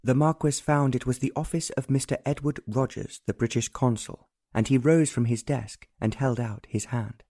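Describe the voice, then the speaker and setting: A man narrating a romance audiobook in an even, unhurried storytelling manner. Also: mid-range voice, no echo, clean studio sound. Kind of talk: scripted narration.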